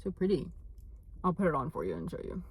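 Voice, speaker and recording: A woman's voice: fairly low pitch, fast, breathy edge. A young woman chatting casually to her phone camera in a vlog, bubbly and gushing, full of slang. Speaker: vlogger.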